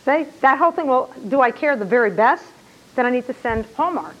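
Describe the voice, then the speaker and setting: A woman teaching a classroom lecture, animated and excitable, full of rhetorical questions to her students. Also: high voice, brisk, lo-fi sound.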